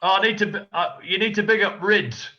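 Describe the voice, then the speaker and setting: A man's voice: high-pitched, fairly quick, bright, forceful tone. A man guiding a cooking session on a live stream, teasing and joking as he talks through each step. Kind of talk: casual live-stream chat. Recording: lo-fi video call audio.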